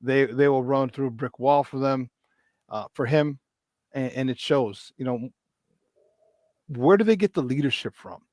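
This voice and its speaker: A man co-hosting a casual sports talk show, telling stories with lots of fillers, swearing freely, and getting loud when he acts out a scene. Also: mid-range voice, measured pace, pauses often, dry recording. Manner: animated storyteller who shouts in retold scenes, swears freely. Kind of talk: casual sports radio chat.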